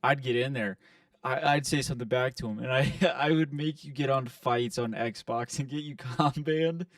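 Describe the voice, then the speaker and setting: A man's voice: medium pitch, normal speed, no room sound, distant mic. Young male podcast co-host, loose rambling storyteller, dry room, sits back from the mic. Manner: rambling, profane, quotes friends in put-on voices. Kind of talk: casual storytelling chat.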